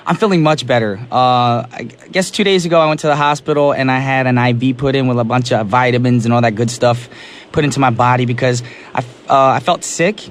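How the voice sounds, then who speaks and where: A man's voice: medium pitch, a little fast, slight background noise. A young man hosting a radio show, chatting casually with a caller and recovering from a sore throat. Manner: energetic, chatty, laughs easily. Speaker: radio DJ host. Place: radio studio. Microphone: studio microphone.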